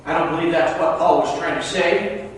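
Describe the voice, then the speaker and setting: High-voiced male pastor in an echoey hall. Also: moderate pace, slight background noise. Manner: swings from hushed to loud and emphatic. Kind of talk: sermon. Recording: echoey hall, mic far off.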